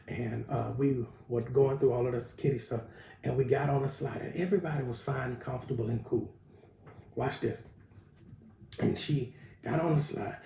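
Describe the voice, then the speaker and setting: Brief: male pastor, lively sermon delivery, roomy echoey sound with faint noise. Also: mid-range voice. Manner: animated preaching with call-outs to the congregation.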